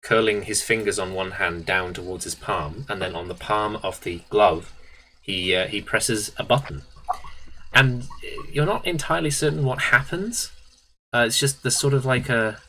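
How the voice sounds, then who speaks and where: A man's voice: fairly low pitch, normal speed, bright, forceful tone, slight background noise, rough recording. A man running a tabletop game, rambling through his narration with lots of fillers and restarts. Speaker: game master.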